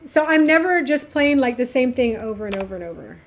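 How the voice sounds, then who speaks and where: A woman's voice: high-pitched, brisk. A middle-aged woman streaming a game, chatting casually and affectionately with her viewers. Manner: chatty, animated, talks to chat affectionately. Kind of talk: casual chat while gaming.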